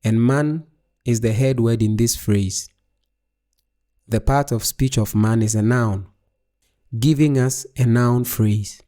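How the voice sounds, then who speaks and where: A man from West Africa narrating a scripted grammar lesson in a slow, measured, deliberate way. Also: medium pitch, steady tone, warm tone. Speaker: English teacher.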